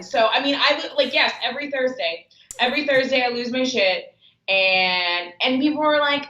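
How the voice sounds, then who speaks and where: A woman's voice: high-pitched, lively intonation, pushed and bright, reverberant, highs cut off. A woman guest on a sports radio show, chatting candidly and telling stories with lots of "like". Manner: candid, fast storytelling with "like" fillers. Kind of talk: casual radio chat.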